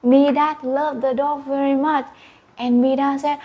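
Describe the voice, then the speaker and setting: A woman's voice: high-pitched, flat delivery, a little slow, muffled recording. A young adult woman telling a story as an English lesson, with English, sound effects and gasps. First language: Vietnamese. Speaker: English teacher.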